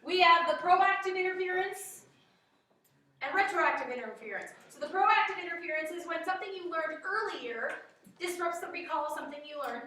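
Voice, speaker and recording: A woman's voice: extremely high pitch, expressive, fairly quick, pushed and bright, far from the mic. A woman teacher giving a classroom lecture, chatty and checking in with her students with frequent okays. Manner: conversational, frequent "okay?" check-ins. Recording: very echoey classroom.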